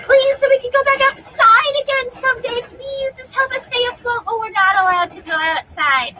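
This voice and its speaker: High woman singing a pleading donation song. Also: moderate pace, sharp tone, a little hiss or hum, poor audio. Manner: self-mocking, pleading, half-sung. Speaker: theater company member making a donation appeal. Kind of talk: amateur song with ukulele. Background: ukulele playing.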